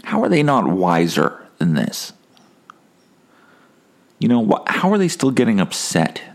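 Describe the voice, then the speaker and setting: A man's voice: on the low side, wildly swooping pitch, a little slow, vocal fry. A man hosting a casual solo podcast, rambling and wry, swearing freely. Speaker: podcast host.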